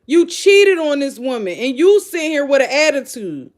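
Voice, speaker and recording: A woman hosting a show, giving blunt, animated, incredulous reaction commentary straight to her audience. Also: sits high, moderate pace, hardly any pauses. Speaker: show host. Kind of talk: casual live reaction commentary.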